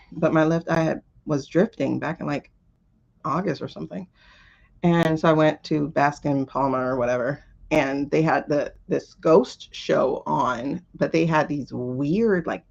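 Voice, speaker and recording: Gravelly-voiced woman chatting on a livestream. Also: lowish voice, a little mellow, lo-fi sound. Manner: rambling, chatty storytelling, reacting to viewer comments. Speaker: tarot reader and livestream host. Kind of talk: casual livestream chat.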